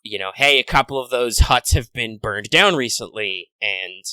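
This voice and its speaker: A man's voice: mid-range voice, animated, moderate pace, pushed and bright, clean tone, no echo, low-quality recording. A man narrating a tabletop game as game master, rambling with many fillers and restarts.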